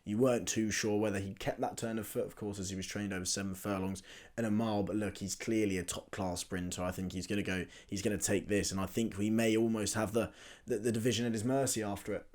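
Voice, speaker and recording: Lower-voiced man giving confident tips. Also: fairly even intonation, fast talker, darkish tone. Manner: confident, emphatic opinions. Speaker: co-host of a racing tips show. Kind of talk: casual chat.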